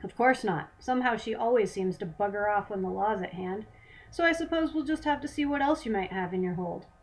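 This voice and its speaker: A woman's voice: mid-range voice, lively intonation, a little fast, natural voice, rough recording. A scheming lawman corporal, smug and mocking, voiced by a woman reading her novel. He haggles slyly and sneers at his rivals. It sounds like a storybook read aloud. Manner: mocking, sly bargaining.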